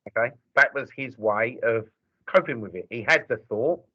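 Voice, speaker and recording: A man with a middle-pitched voice tells an anecdote in a workshop, earnest and a little apologetic. His audio sounds dull and muffled. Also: normal speed, slightly rough. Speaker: workshop participant. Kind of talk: sharing an anecdote.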